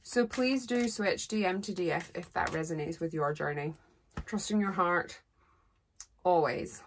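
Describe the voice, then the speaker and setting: A woman's voice: lowish voice, unhurried, slight background noise. A woman giving a rambling, heartfelt tarot reading as a psychic. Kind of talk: solo tarot reading monologue.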